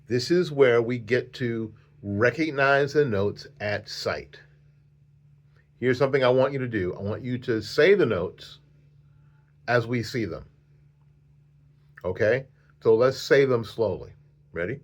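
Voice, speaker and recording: A man's voice: medium pitch, unhurried, long pauses. A man teaching a flute lesson on video, patient and repetitive, counting the student in.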